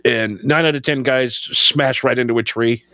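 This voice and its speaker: A man's voice: medium pitch, fairly even intonation, normal speed, pushed and bright, dry recording. Laid-back rambling man, lo-fi podcast sound. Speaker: podcast co-host. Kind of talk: casual stoner podcast chat. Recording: slightly dull lo-fi sound.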